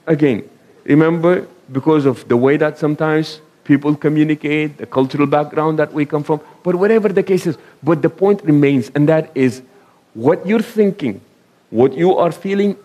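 Lively preaching man, higher voice. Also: normal speed. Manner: conversational, asks the audience questions, tells anecdotes; sprinkles Arabic phrases. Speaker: imam giving a talk. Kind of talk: sermon.

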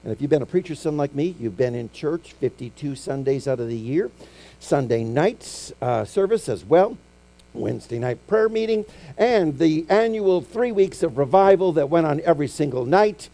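A middle-aged male preacher delivers a storytelling sermon in a lively, sing-song voice that sits slightly high. His tone stays dark and mellow, and he moves easily between loud, acted-out lines and quiet, intimate moments. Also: moderate pace. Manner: animated storytelling preacher, acting out quotes with big swings from loud to hushed. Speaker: pastor.

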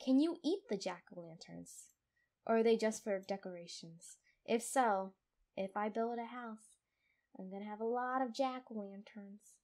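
A young woman casually commentating her own survival game at home, jittery and giggly, easily startled and quick to laugh at herself. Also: mid-range voice, a little mellow. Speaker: gamer playing a survival game. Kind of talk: casual let's play commentary. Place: room at home.

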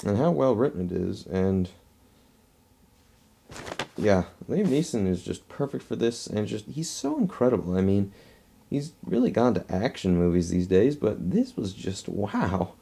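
A man's voice: fairly low pitch, very animated, measured pace, gravelly, warm tone, slightly rough. A man giving a casual movie review, rambling and restarting his phrases as he talks at home.

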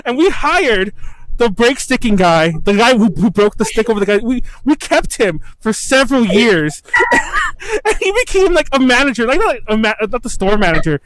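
A young man with a high, very lively voice that swoops up and down as he talks. He co-hosts a casual podcast chat, telling rambling stories full of swearing and laughter. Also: moderate pace, dry recording, poor audio. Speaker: podcast co-host.

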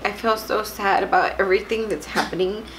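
A woman from Texas in her thirties, vlogging at home in a halting, tearful way, close to crying. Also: mid-range voice, steady tone, a little hiss or hum, poor audio. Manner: tearful, halting, soft-spoken. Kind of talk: emotional personal vlog.

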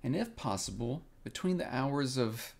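A man voicing a small, timid male piglet who talks in anxious, hurried excuses. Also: medium pitch, animated, creaky. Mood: flustered.

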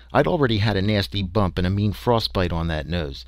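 A man with a fairly low voice narrates an audiobook in the first person. His delivery is folksy and conversational, with small hesitations. The recording is dry and close. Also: lively intonation, brisk, few pauses, dry recording.

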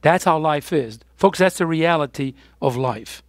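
A man's voice: fairly high pitch, expressive, unhurried, no room sound, studio quality. A man preaching a sermon as pastor, emphatic, with his voice rising on the key points.

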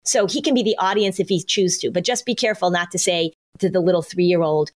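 A woman's voice: on the low side, fairly quick. A middle-aged woman hosting a parenting podcast, giving advice in casual chat and acting out what parents and kids might say. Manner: animated, acts out parent and child lines. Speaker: podcast host, parenting anxiety expert.

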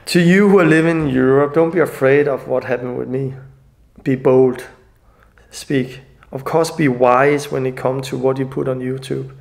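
Gravelly, tearful man, earnest and halting. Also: medium pitch, steady tone, darkish tone. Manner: earnest, halting, non-native phrasing. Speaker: evangelist. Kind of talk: emotional personal video message.

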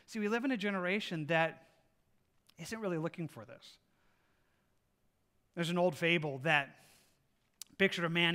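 A male pastor preaching a sermon with lively delivery, acting out little scenes of people praying and God answering. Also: a little high, clean tone. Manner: animated preaching, acts out voices of people praying.

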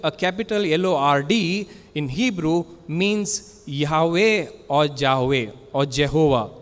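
A man's voice: high-pitched, in a large hall. A man preaching a sermon in earnest, emphatic, repetitive phrases, recorded in a church. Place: church sanctuary.

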